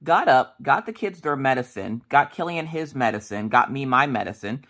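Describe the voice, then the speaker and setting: A woman's voice: rumbling low, animated, normal speed, a bit bright. A woman in her thirties chatting casually while she crafts, rambling through family stories and acting out the dialogue. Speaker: crafting vlogger.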